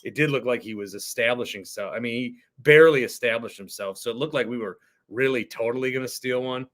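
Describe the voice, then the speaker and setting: A man's voice: mid-range voice, fairly quick, a bit bright. A man hosting a sports podcast, ranting in an exasperated, worked-up way about a football game. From Wisconsin. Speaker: podcast host. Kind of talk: sports talk rant.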